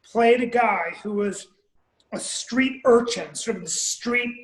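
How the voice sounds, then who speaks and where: Man, very high voice, roomy echo, laid-back podcast storyteller. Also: takes it slowly. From grew up abroad, moved to America as a teen. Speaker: podcast co-host. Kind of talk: casual podcast chat.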